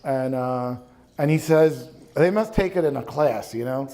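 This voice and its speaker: A man's voice: mid-range voice, measured pace, mellow. A man in his fifties from the New York area, a bishop telling wry personal stories to a live audience with plenty of ums and uhs. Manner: wry anecdotal storytelling, many ums and uhs. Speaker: bishop, guest speaker. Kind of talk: storytelling talk to a young adult audience. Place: live talk event before an audience.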